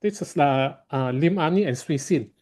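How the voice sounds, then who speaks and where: A man leads an online speaking club session and gives evaluations. His voice is mellow and dark. He speaks politely, with halting, non-native phrasing, over a video call. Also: fairly high pitch. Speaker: meeting chair and evaluator. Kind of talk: online club meeting hosting.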